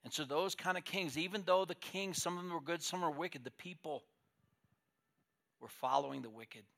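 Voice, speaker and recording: A male pastor preaching a sermon, swinging between loud declarations and quiet asides. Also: on the high side, moderate pace, vocal fry.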